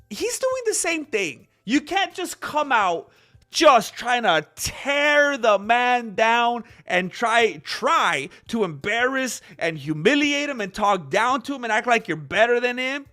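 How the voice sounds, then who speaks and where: A man's voice: very high voice, big pitch swings, slow, sharp tone, faint music behind. A man hosting an MMA commentary vlog, sarcastic and opinionated, acting out both sides of an argument. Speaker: MMA commentary channel host.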